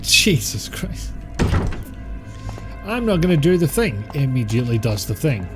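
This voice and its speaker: A man's voice: medium pitch, sing-song, a little slow, long pauses. A British man giving casual gameplay commentary, dry and self-mocking, muttering to himself on a close compressed mic. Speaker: streamer. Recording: game music behind.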